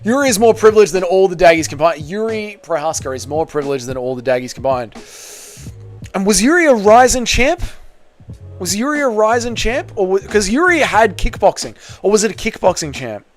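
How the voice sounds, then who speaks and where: A young New man chats on a casual livestream, reading comments aloud and answering them. He talks quickly and rambles, throws in plenty of "like" and the odd swear, in a voice pitched slightly high. Soft music plays faintly under him. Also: very animated. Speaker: MMA livestreamer.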